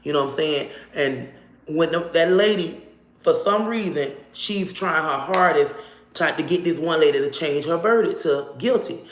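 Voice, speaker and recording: A woman telling a personal story to camera in a casual, animated way, swearing freely and acting out what people said. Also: deep voice, normal speed, roomy sound. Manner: animated, profane, acts out dialogue.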